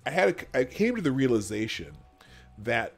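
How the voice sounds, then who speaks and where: A man's voice: mid-range voice, sing-song, normal speed, creaky, faint music behind. A man hosting a livestream, chatting casually and rambling with many restarts. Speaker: host.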